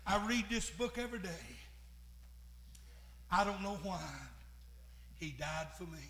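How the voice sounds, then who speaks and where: A man preaches in a high, bright voice, taking his time over each phrase. He swings from hushed passages to fervent, shouted preaching. The sound carries the echo of a church room. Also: a little slow. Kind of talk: sermon.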